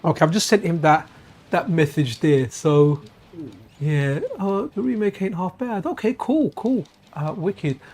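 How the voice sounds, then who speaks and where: A man with a high voice talks through a live gaming stream. He is chatty and enthusiastic, and his sentences often stall and restart as he goes. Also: a little slow, a little mellow. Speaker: streamer, channel host. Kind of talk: casual live-stream chat while gaming. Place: friend's house.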